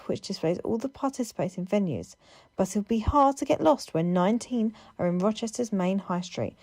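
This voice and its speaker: A woman reporter, reading a lively, upbeat news voice-over. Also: mid-range voice, dry recording.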